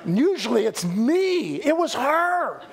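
A middle-aged man preaching a sermon as pastor, animated and folksy, with joking asides and repeated phrases. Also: very high voice, measured pace, vocal fry, a crowd in the background.

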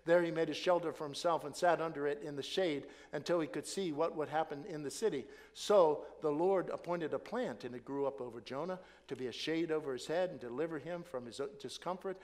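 A man preaching a sermon with great drama, swinging between hushed whispers and shouted praise and acting out quoted prayers. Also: on the high side, fairly quick, hardly any pauses, in a large hall. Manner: acts out quoted prayers with rising passion.

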